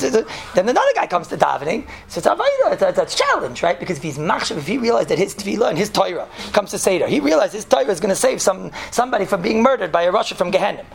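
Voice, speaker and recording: A man teaching a Torah class as a rabbi, animated and joking, sprinkling his talk with Yiddish and Hebrew terms. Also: sits high, gravelly. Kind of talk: lively Torah lecture.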